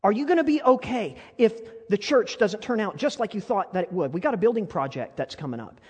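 A man's voice: high-pitched, expressive, a little fast, a little mellow, slightly rough. A male pastor preaching a sermon, earnest and building to fervent appeals with many rhetorical questions. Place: church hall. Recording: long hall reverb.

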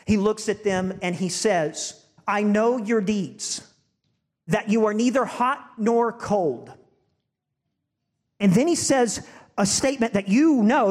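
High-voiced man preaching a sermon. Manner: storytelling with shifting pace, emphatic. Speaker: pastor.

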